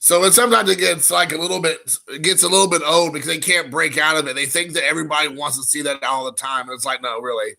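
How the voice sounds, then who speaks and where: Young male streamer, gravelly and bright, loose rambling delivery. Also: fairly high pitch, fairly even intonation, quick pace, few pauses. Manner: rambling, frequent fillers, reads chat aloud. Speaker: live stream host. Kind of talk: casual live stream chat.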